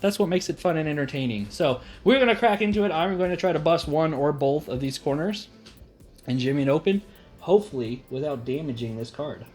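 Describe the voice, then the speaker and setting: Young guy hosting a card video, kinda high voice, super animated, jokes around. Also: fairly quick, soft background music. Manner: animated, joking, self-narrating. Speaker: host. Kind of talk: casual hobby vlog.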